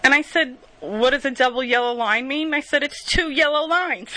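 A woman's voice: high-pitched, normal speed, sharp tone, poor audio. A woman telling rambling stories in a casual monologue, laughing at herself and swearing freely.

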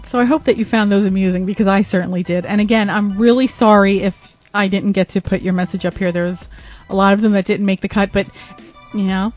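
A woman hosts a podcast in a chatty, rambling way, with plenty of fillers. Her voice sits at an ordinary pitch, and faint music plays behind her. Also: steady tone, a little fast, darkish tone. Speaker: podcast host. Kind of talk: casual podcast talk.

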